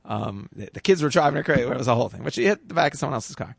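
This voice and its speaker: Gravelly man telling a casual story. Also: mid-range voice, animated, racing, dry recording, clean studio sound. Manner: loose and conversational, full of fillers and restarts, acting out quotes. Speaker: storyteller sharing a life lesson.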